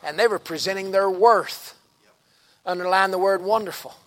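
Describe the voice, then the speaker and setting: Male preacher, high voice, hushed-to-shouting sermon delivery. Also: moderate pace. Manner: swings from hushed to shouting, folksy.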